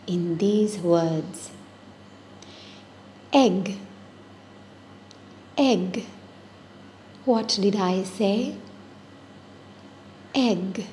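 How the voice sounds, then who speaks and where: A woman teaching phonics at a very slow, deliberate pace, saying each word twice and sounding it out. Her voice is mellow and soft. A faint hiss sits under the recording. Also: mid-range voice. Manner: repeats each word, stretches sounds out slowly. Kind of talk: slow, patient phonics lesson for young children.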